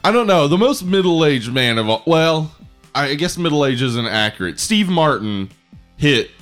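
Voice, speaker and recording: Joking co-host, animated voice. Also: male voice, fairly high pitch, a little slow, faint music behind. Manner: dry, joking. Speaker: podcast co-host. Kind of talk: casual chat.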